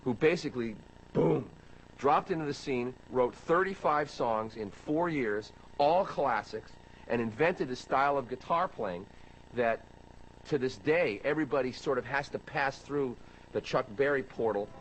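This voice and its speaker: Man explaining music history slowly. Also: medium pitch, animated, a little hiss or hum, poor audio. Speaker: interviewee. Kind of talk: documentary interview.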